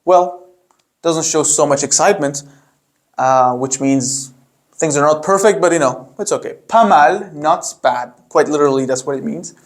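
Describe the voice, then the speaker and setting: A young man teaching a beginner language lesson in a patient, casual way, with many fillers. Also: a little high. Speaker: French teacher.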